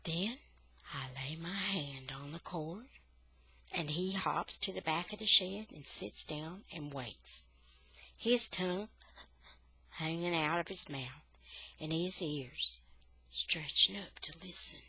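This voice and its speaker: A woman reading a children's novel aloud for English learners, with steady, expressive storytelling. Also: sits low, slow, pauses often, husky, dry recording.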